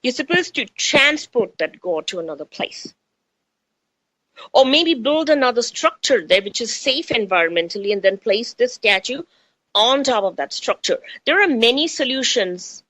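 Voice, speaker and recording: A woman's voice: a little high, a bit bright. A middle-aged woman with an Indian accent hosts a spiritual talk radio show, chatting freely and repeating phrases for emphasis. She speaks close to a studio microphone, and her voice sounds dry with no room echo.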